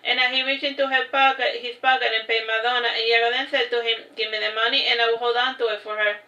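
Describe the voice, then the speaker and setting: A woman's voice: a little high, little pitch movement, quick pace, bright, forceful tone. A woman reading her own novel aloud on a livestream, adding casual asides between passages. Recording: roomy, dull lo-fi stream audio.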